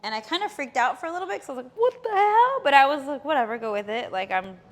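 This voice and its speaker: A woman's voice: on the high side, big pitch swings, rapid-fire, fairly bright tone. A woman in her thirties telling a personal story on a casual podcast, rambling along with lots of fillers and easy laughter. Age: 30s.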